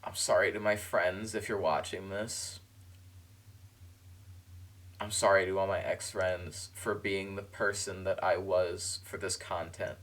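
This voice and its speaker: A man streamer giving a tearful, halting farewell monologue, apologizing and repeating himself. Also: low voice, little pitch movement, a bit bright.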